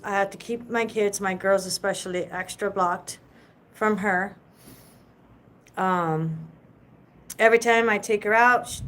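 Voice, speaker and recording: A woman's voice: medium pitch, low-quality recording. A woman and mother hosting a casual live chat, talking in a loose, rambling way and swearing freely. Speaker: livestream host.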